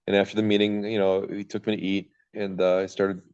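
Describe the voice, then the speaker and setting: A man's voice: lowish voice, flat delivery, a little fast, darkish tone, clean tone, lo-fi sound. A man telling his personal story as a podcast guest, in a raw, rambling way, swearing freely. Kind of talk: candid personal recovery story.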